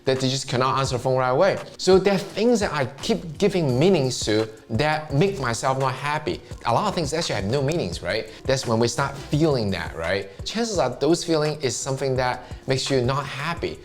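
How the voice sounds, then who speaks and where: Man, Chinese accent, middle-aged, earnest self-help talk, medium pitch, faint music behind. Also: animated, moderate pace, few pauses. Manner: earnest, repeats himself, asks himself questions. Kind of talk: motivational talk to camera.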